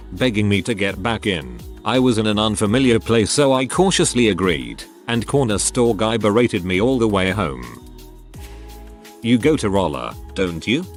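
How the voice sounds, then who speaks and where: Lively low-voiced male story reader. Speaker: narrator. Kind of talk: reading forum stories aloud.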